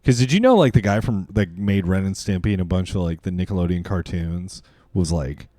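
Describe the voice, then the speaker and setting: Deep-voiced young man telling rambling stories. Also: expressive, a little fast, warm tone, no echo, clean studio sound. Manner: rambling storytelling, swearing, acting out quotes in silly voices. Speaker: podcast co-host. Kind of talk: casual late-night chat.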